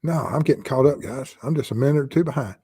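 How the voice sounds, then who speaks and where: A man with a Southern US accent hosting a true crime live stream, answering chat questions in a halting way with many pauses. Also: mid-range voice, warm tone, husky, dry recording. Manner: halting, with frequent pauses and fillers.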